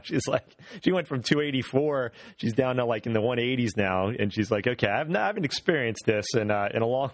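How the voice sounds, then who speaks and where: A man's voice: medium pitch, fast, few pauses, no room sound, studio quality. A man hosting a casual health interview, upbeat and encouraging, repeating words as he talks. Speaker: host.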